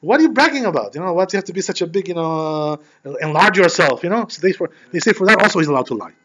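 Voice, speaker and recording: A man giving a conversational Torah class as a rabbi, animated and filling his talk with "you know". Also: sits high, racing. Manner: peppers speech with "you know". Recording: dull lo-fi recording.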